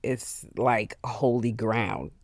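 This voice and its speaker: A podcast host speaking alone in an earnest, heartfelt way, with many pauses and fillers, openly emotional. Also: medium pitch, darkish tone, no room sound, clean studio sound. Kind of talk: solo reflective podcast monologue.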